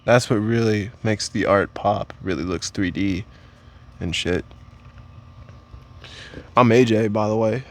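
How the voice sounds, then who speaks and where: A young man talks straight to the camera in a crude, joking vlog. His voice sits a little low, and he rambles through fillers and tangents. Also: slow pace, pauses often. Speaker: vlogger. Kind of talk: casual comedic vlog.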